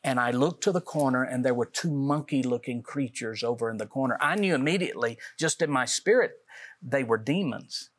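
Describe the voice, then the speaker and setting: A man's voice: mid-range voice, fairly quick. A man, a guest author on a talk show, gives an earnest personal testimony and acts out the dialogue he quotes.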